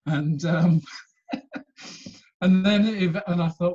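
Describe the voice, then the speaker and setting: A man's voice: high-pitched, extremely slow, darkish tone, husky, lo-fi sound. A man telling stories animatedly as a guest, laughing often. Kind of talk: casual storytelling chat.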